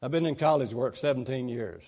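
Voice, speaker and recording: A middle-aged man preaching a sermon in a folksy way, reading scripture aloud and swelling louder for emphasis. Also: medium pitch, a little fast.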